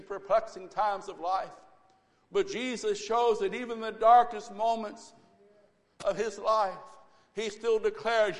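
High-voiced preaching man in a reverberant church. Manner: preaching with rising fervor and repeated exhortations. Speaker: pastor. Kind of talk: sermon. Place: church sanctuary.

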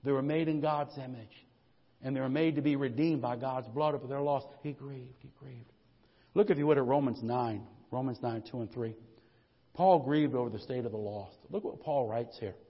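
A man preaching a sermon, with a husky voice, who rises to loud passionate peaks and keeps asking the congregation for amens. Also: mid-range voice, normal speed, long reverb tail, lo-fi sound. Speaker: pastor.

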